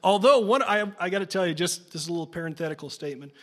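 Male pastor with a high voice, relaxed and jokey between readings. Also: quick pace. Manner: casual, jokey asides between dramatic reading. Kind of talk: sermon with scripture reading.

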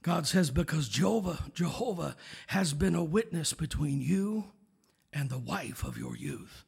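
Raspy, gravelly-voiced preacher man. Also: a little high, lively intonation, measured pace. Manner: swings from shouted exhortation to hushed, near-whispered asides; punctuates with call-outs to the congregation. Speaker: pastor. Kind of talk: sermon.

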